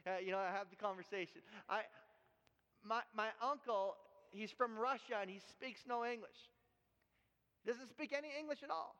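A man's voice: high-pitched, normal speed, bright, forceful tone. A man from Canada preaching a sermon, telling a personal story in an earnest way and often repeating and restarting words. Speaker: pastor. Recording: echoey hall, dull lo-fi sound.

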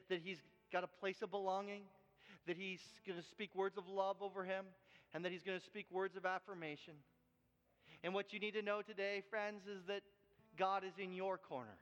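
Earnest high-voiced male pastor preaching. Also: a bit bright, in a large hall, dull audio. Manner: storytelling, earnest, addresses fathers directly. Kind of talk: sermon.

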